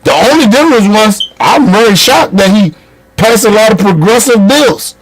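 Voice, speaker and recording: A man's voice: sits high, animated, moderate pace, crowd noise. A man delivering a heated, profane political rant as a commentator, scolding his listeners.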